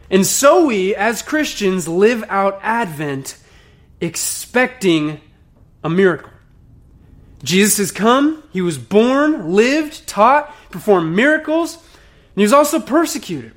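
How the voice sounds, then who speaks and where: High-voiced man preaching an earnest sermon. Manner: earnest, conversational preaching with casual asides. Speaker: pastor.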